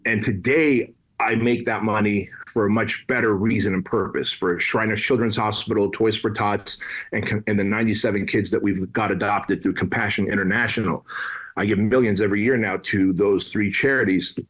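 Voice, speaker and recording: A man's voice: lowish voice, fairly even intonation, normal speed, fairly bright tone. A man from Armenia in his late thirties or older, a podcast guest telling a personal story in a blunt, casual way, with slang and swearing. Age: 30s. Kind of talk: candid conversational storytelling.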